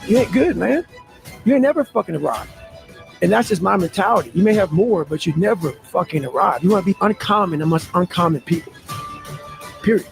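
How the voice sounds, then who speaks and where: A man's voice: high voice, lively intonation, brisk, gravelly, over music. A man in his forties giving an intense, profane motivational speech. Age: 40s.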